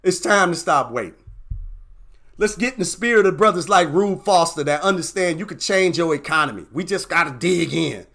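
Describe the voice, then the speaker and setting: A man's voice: fairly high pitch, animated, moderate pace, vocal fry, fairly bright tone. A man hosting an impassioned motivational talk, preaching with repeated emphasis and getting fired up as he goes. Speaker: host.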